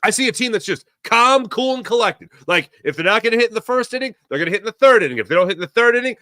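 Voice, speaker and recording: A man with a high, bright, forceful voice rambles excitedly as he talks sports on his podcast. He speaks close to the mic in a dry room with no echo, full of a fan's enthusiasm. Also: very fast, few pauses. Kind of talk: casual sports commentary.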